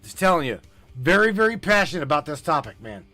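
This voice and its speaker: Urgent, high-voiced ranting male podcast host. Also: very animated, fast talker, bright, forceful tone, soft background music. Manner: urgent, preachy, swears often, repeats himself. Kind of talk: impassioned livestream rant.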